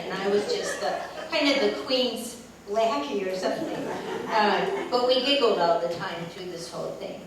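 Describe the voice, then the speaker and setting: An older woman giving a memorial tribute speech, telling fond stories of her friend with humor. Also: medium pitch. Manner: warm storytelling with laughter. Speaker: eulogy speaker. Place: large echoey hall. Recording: echoey hall from far off, noisy.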